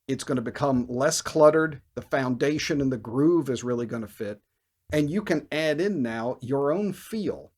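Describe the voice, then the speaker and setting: A man teaching bass in a video lesson, who explains with energy and scats riffs and counts beats out loud.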